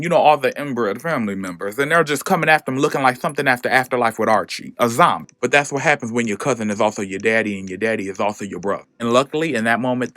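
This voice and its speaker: A man's voice: mid-range voice, sharp tone, no room sound. A man recapping a comic book in a slangy, joking, casual way.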